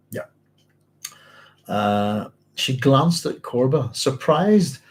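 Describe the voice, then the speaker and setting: A man's voice: medium pitch, normal speed, rough recording. A man, hosting a book club, reads passages aloud and stops often to check his notes and apologise in a chatty way. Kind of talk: reading aloud with casual commentary.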